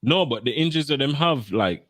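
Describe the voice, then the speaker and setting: A man arguing about football on a podcast, animated and swearing. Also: mid-range voice, brisk, dry recording, studio quality. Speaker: podcast co-host. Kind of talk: heated football banter.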